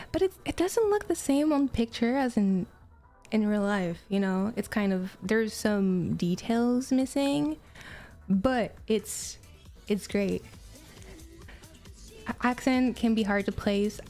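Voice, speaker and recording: Woman, Quebec French accent, French native speaker, casual stream chat, higher voice, faint music underneath. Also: a little mellow. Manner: chatty, greets and thanks chat viewers between stories. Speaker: livestreamer.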